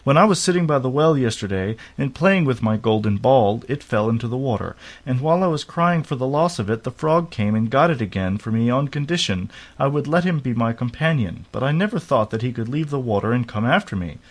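A man's voice: mid-range voice, lively intonation, brisk, few pauses, close to an everyday voice. A man voicing a spoiled, fretful young princess in a storybook reading.

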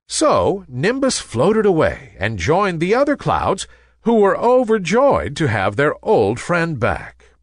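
A man reading a children's bedtime story aloud in an expressive, sing-song way. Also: a little high, slow, no echo, studio quality.

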